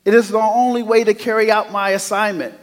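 A man with a fairly high voice preaches a sermon, sometimes dropping to a hush and then rising to loud, emphatic calls. His voice rings out with a long reverb through a church sanctuary. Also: level tone, a little fast. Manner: swings from hushed to loud preaching. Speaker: pastor.

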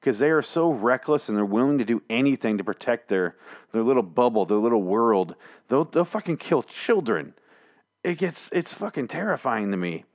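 A man's voice: medium pitch, animated, moderate pace. A man recapping comic chapters in a casual, rambling, sarcastic monologue, swearing freely and slipping into mock voices. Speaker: comic book reviewer.

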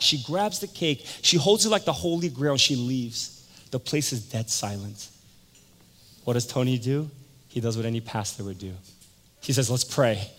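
A man's voice: mid-range voice, lively intonation, normal speed, a bit bright. A male pastor giving a sermon, telling a story and acting out the voices of the people in it. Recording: long hall reverb.

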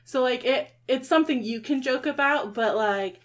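A woman's voice: high-pitched, moderate pace. A woman narrating as game master of a tabletop game, rambling with lots of fillers.

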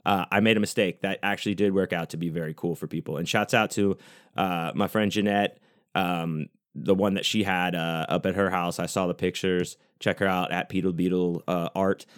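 A man hosts his own podcast in a loose, rambling monologue, dropping casual profanity as he goes. His voice sits low, and the sound is dry, with no room echo. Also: fairly even intonation, moderate pace, clean tone. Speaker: podcast host.

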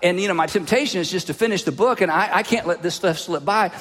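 A man preaching a sermon as a pastor, telling a personal story in an animated way and dropping his voice low for asides. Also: fast talker. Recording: long hall reverb.

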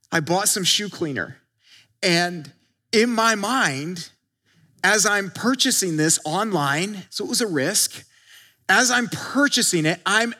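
A man's voice: sits high, bright, forceful tone. A male pastor preaching a conversational sermon, acting out quotes and often restarting his sentences.

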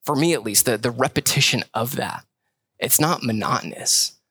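A young pastor delivers a relaxed, conversational sermon, often repeating himself for emphasis. His voice is bright and forward, and the sound is close and dry, with no room around it. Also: medium pitch, moderate pace, husky, no echo. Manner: conversational preaching with repeated phrases.

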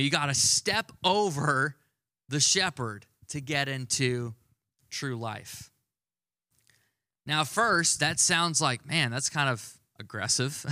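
Pria berkhotbah santai, suara cerah dan kering. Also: male voice, on the high side, sharp tone, no room sound, studio quality. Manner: conversational, emphatic preaching with slowed stressed words. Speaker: pastor. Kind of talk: sermon.

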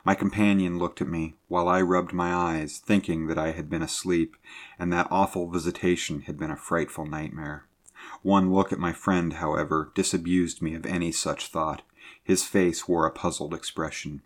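A man reading a sea adventure story aloud in a measured, low-key narrating manner. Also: steady tone.

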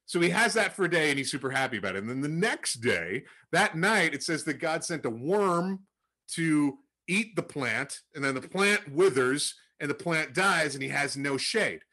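A young man casually retelling a Bible story to a group, acting out the quotes with animated jumps in his voice. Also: moderate pace. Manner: animated storytelling, acts out quotes with rising pitch. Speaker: Bible study leader.

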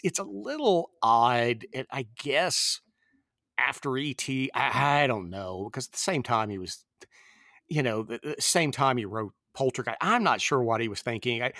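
A man's voice: medium pitch, fairly bright tone, dry recording, clean studio sound. A man in his fifties hosting a podcast, chatting casually about films in a rambling way. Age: 50s. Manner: rambling, with many fillers and restarts. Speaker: podcast host. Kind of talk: casual film discussion.

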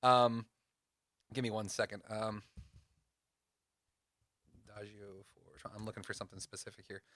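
A young man co-hosting a casual podcast, animated and playful, building up dramatic fan crossover stories. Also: on the low side, normal speed, no room sound, clean studio sound. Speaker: podcast co-host.

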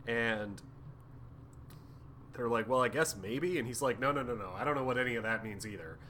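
Bright, jokey man on a comedy podcast. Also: medium pitch, normal speed, a little hiss or hum. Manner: jokey, acts out characters' lines with crude humor. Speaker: podcast co-host. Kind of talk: casual chat recapping comics.

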